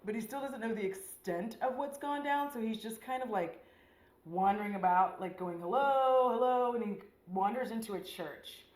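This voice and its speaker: A woman's voice: mid-range voice, moderate pace, a little mellow, roomy sound, low-quality recording. A woman beauty vlogger chatting casually while doing her makeup, rambling in a slangy, profane way with lots of "like.".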